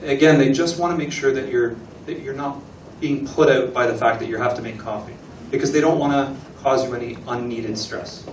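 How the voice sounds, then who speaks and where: A man gives a relaxed talk to a live audience, pausing to ask questions and act out small exchanges. His voice sits at an average pitch and is picked up from across a reverberant room, with faint ambience underneath. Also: a little hiss or hum. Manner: chatty, asks the audience questions, acts out little dialogues. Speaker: guest speaker at an embassy talk. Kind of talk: lecture presentation to an audience. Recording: echoey room recording from a distance.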